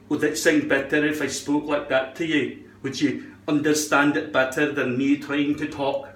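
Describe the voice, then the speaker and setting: A man's voice: a little high, level tone, moderate pace, few pauses, a bit bright. A man talking in a put-on Scottish accent, rambling and joking with a lot of swearing while he gives a hairpiece tutorial at home. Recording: roomy echo.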